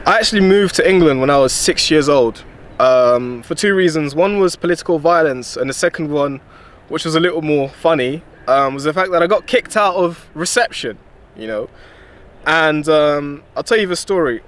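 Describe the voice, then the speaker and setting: A young man answering viewer questions in a relaxed, lightly humorous storytelling manner. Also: fairly high pitch, moderate pace. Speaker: athlete vlogger. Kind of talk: casual direct-to-camera Q&A.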